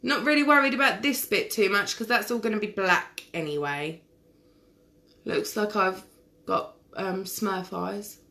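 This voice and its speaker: A woman's voice: medium pitch, unhurried, bright, forceful tone. A woman, chatting casually to viewers during a live makeup tutorial and answering their comments by name. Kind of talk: casual live-stream chat while doing makeup. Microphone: webcam or phone on a live stream.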